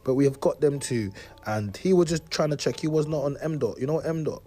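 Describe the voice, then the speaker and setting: A man from Africa hosting a casual talk show, speaking conversationally with quick asides and reading posts aloud. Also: on the high side, dark tone. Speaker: host.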